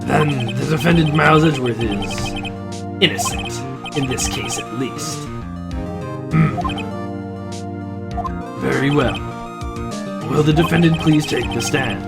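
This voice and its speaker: A man's voice: mid-range voice, takes it slowly, vocal fry, long pauses, loud music behind the voice. A man voicing an elderly, formal judge who declares his rulings.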